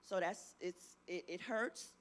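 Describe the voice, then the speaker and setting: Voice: medium pitch, takes it slowly, a bit bright. A middle-aged presenter giving an interactive talk to teenagers, often asking the audience questions and tagging sentences with "right?". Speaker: youth workshop presenter.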